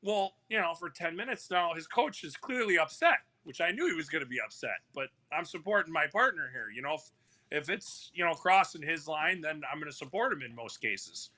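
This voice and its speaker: A man's voice: on the high side, animated, brisk, sharp tone. A man who works as a hockey referee, telling a story in casual chat with lots of fillers and restarts. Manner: rambling, full of "you know" fillers and restarts. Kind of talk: casual storytelling on a live talk show.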